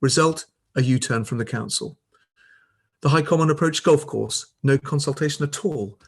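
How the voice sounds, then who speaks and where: A man's voice: medium pitch, moderate pace, gravelly, husky. A man reading a critical prepared statement to a council meeting over a video call, with pointed emphasis. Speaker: public speaker at council meeting. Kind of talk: prepared statement read aloud.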